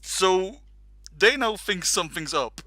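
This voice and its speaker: A man's voice: medium pitch, animated, normal speed, bright, forceful tone, no room sound. A man hosting a casual talk show, telling a long funny anecdote with laughs and acted-out quotes. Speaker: podcast host telling a story. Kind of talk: casual storytelling.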